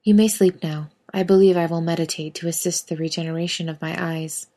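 Ancient male angel, solemn and literal, stiff formal speech, a low, soft voice, read by a woman; audiobook fan fiction reading. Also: fairly even intonation, fairly quick, close to an everyday voice. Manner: formal, stiff, earnest phrasing.

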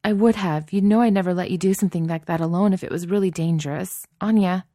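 A woman's voice: on the low side, steady tone, measured pace, creaky, darkish tone, no echo, clean studio sound. A woman voicing an anxious teenage girl who stammers out flustered apologies. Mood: urgent.

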